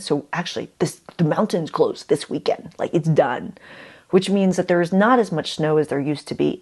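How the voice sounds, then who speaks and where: A woman vlogging, telling an animated story with rhetorical questions, swearing and bursts of laughter. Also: sits low. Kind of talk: casual self-talk vlog.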